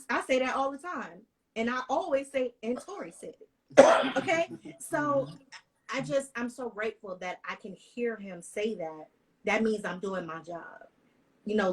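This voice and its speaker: Panelist woman, husky, mid-pitched, emotional and animated personal storytelling. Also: rough recording.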